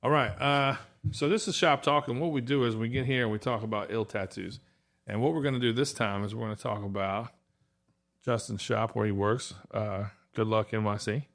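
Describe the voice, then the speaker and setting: A man's voice: on the low side, fairly quick, a bit bright. A man hosting a casual tattoo talk show, telling stories with lots of swearing and acted-out quotes. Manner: profane storyteller, acts out quotes. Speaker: podcast host. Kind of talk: casual chat.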